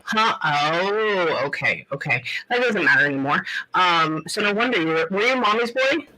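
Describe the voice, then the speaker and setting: A woman giving a live psychic reading on a talk show, pausing often to say hold on and filling her talk with like and um. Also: on the low side, animated, sharp tone, rough recording. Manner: halting, keeps pausing to say hold on; loose casual talk full of like and um. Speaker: psychic medium.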